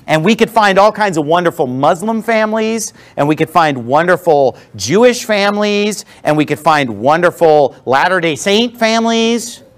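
Man pastor preaching in church, high voice, blunt and punchy, goes all over in pitch. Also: lively intonation, moderate pace, hardly any pauses. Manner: emphatic, blunt, with sarcastic asides. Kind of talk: sermon. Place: church with a responding congregation.

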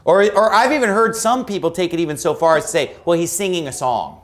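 Man, high-pitched, preaching a sermon, emphatic, combative, mocking tone. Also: lively intonation, quick pace. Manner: emphatic, argumentative, often mocking opposing views. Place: church.

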